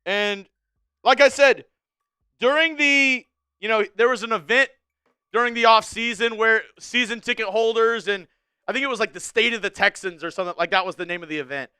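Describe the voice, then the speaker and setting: A young man hosting a live sports talk stream, chatting casually and ranting with a fan's animated energy. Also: sits high, brisk, clean tone, no room sound, studio quality. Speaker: sports show host.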